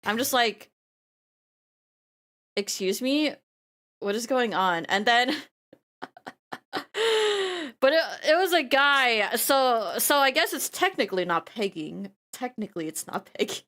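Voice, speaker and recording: A woman streamer chatting casually with a high voice. She giggles through her sentences and trips over repeated words as she talks. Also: big pitch swings, measured pace, fairly bright tone. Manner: stumbling restarts and repeated words. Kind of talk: casual storytelling chat.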